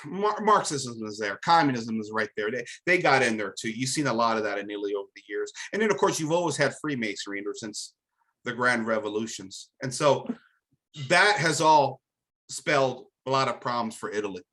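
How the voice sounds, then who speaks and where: American guy hosting a live talk show, punchy bright voice, lecturing hard, lots of "right?". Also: mid-range voice, expressive, moderate pace, poor audio. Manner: emphatic, preachy, keeps asking "right?". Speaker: host. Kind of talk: live commentary monologue.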